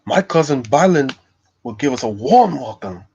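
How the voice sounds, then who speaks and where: A man's voice: mid-range voice, animated, normal speed, a little mellow, slightly rough, lo-fi sound, voice pushed up. Gimli, a hearty dwarf, as a man puts him on. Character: boisterous gruff male dwarf warrior.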